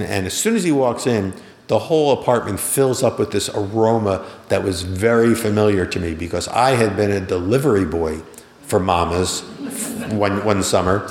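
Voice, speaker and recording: A middle-aged man from Philadelphia telling a personal story in a conversational way, acting out each person's lines with a lifted voice. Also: lowish voice. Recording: roomy hall with long reverb.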